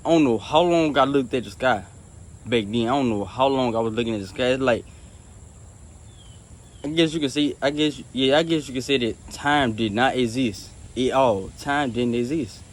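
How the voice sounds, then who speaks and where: A man casually telling a personal faith testimony, rambling and repeating himself with many restarts, earnest and soft-spoken in places. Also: mid-range voice, moderate pace. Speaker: storyteller sharing a faith testimony.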